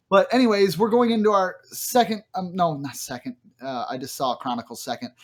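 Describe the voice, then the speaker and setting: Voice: medium pitch, moderate pace. Chatty rambling home-studio esports caster. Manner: chatty and rambling, laughing asides. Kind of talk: live tournament commentary. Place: home setup. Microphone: desk microphone with pop filter.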